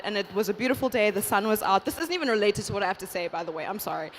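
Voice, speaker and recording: A woman's voice: mid-range voice, racing. A woman giving a heartfelt address at a church women's conference, effusive and emotional, repeating phrases for emphasis.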